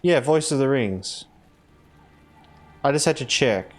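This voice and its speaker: A man's voice: mid-range voice, expressive, slow, faint music behind. A man streaming a game, chatting casually in a rambling way, full of fillers and restarts. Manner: rambling, filler-heavy, self-correcting. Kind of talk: casual live-stream chat while playing.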